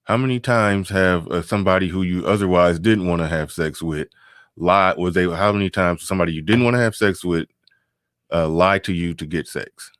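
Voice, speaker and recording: Riffing loosely on a live stream, a man with a very low voice reads comments from chat, repeats phrases, and lets out chuckles between points. He talks at normal speed with a slightly bright tone, and the close, dry audio has no echo.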